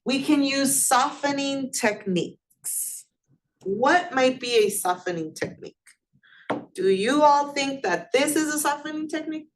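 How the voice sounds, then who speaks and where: A woman's voice: high-pitched, animated, unhurried, a little hiss or hum. A woman instructor giving a classroom lecture in a conversational way, often putting questions to her students.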